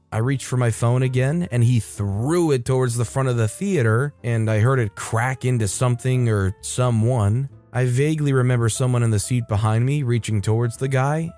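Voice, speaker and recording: A man narrates a forum story in a steady, matter-of-fact read. His voice sits at a middle pitch, and faint music plays underneath.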